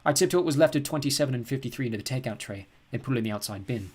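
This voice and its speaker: A man reads an audiobook aloud in the first person. His husky, mid-pitched voice tells the story calmly and plainly. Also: rapid-fire. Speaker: audiobook reader.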